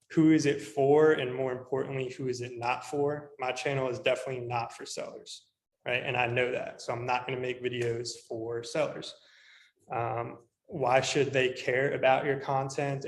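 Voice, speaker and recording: A young man, a real estate agent, teaching a class in a casual, relaxed way with plenty of ums while walking through a screen demo. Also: mid-range voice. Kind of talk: casual instructional talk. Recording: echoey room.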